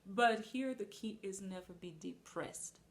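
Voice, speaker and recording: A woman's voice: mid-range voice, unhurried. A woman preaching a sermon, earnest and emphatic, acting out little asides.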